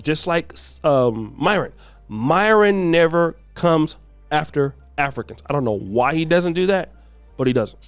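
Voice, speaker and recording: Chatty commentary host over soft music. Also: male voice, fairly high pitch, dry recording. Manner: conversational, uses fillers while explaining. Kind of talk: casual commentary.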